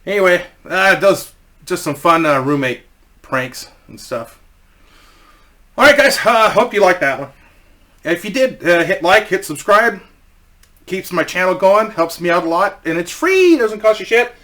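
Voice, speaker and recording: Middle-aged guy rambling through a prank story, bright voice, cusses and chuckles a lot. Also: high voice, big pitch swings, a little slow. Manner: rambling, swearing, laughing often. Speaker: channel host telling a story. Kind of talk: casual storytelling vlog.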